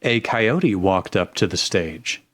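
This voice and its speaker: Man narrating, host of comedic fanfic read, lively pitch, plain reading voice. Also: slow pace. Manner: plain narration broken by laughter and joking.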